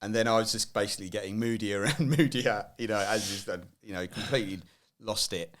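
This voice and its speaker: A man hosting an interview, telling a story in a halting way with plenty of fillers. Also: on the low side, a bit bright, a little hiss or hum. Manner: lots of short agreeing murmurs, halting with fillers. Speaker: interview host. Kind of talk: casual interview.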